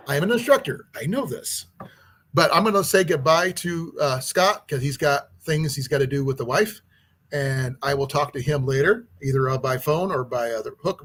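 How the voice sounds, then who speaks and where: A man hosting an outdoors channel who teaches archery, talking in a casual, rambling livestream chat with a hoarse, husky voice. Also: fairly high pitch, a little hiss or hum. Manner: rambling, chatty, with many restarts.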